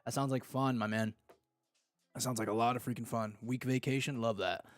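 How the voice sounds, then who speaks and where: A man hosting a casual podcast and reading live chat, talking in a slangy, animated way. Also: mid-range voice, fairly quick, no room sound. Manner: slangy and animated, fond of "dude" and "freaking".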